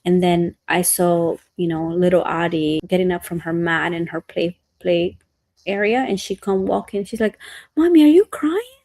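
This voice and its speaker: A woman's voice: on the low side, little pitch movement, normal speed, a little mellow, no echo. A woman in her thirties co-hosting a podcast, telling earnest parenting stories in casual chat. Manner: earnest, storytelling, acts out quotes. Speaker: podcast co-host.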